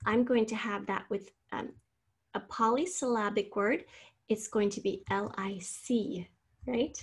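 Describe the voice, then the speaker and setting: A woman's voice: mid-range voice, steady tone, unhurried, husky. A woman teacher giving a spelling lesson, patiently sounding out syllables and spelling words letter by letter.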